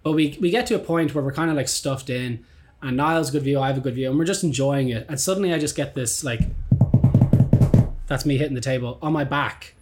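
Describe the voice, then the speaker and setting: Irish guy in his 20s, podcast host, rattles off gig stories quick, swears a lot. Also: medium pitch, faint music behind. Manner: animated storyteller, swears freely, acts out quotes. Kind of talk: casual chat.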